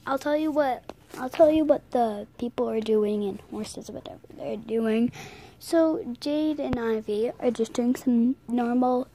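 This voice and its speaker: A young girl who is losing her voice gives a casual vlog tour of her toy horse setup, rambling, correcting herself, apologizing, and often dropping into a whisper. Her voice is a little high and dark in tone, and she speaks unhurriedly. The audio is poor, with slight background noise.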